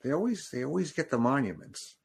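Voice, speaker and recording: A man's voice: medium pitch, expressive, a little fast, gravelly, breathy edge. A man giving casual, jokey commentary while watching a film with a friend. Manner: chatty, jokey asides and reactions.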